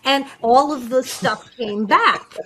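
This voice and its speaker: A woman with a high voice speaks at a slow pace while co-hosting a podcast, casually recapping an episode. She's animated, acting out characters' lines in quoted voices.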